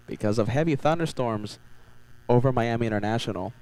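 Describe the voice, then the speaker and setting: A man's voice: medium pitch, very animated, normal speed, pauses often, a little mellow, no echo, poor audio. Upbeat man hosting a live stream. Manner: upbeat, repeats phrases, reads chat aloud. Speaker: livestream host. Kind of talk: live spotting stream commentary. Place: outdoors at a beach.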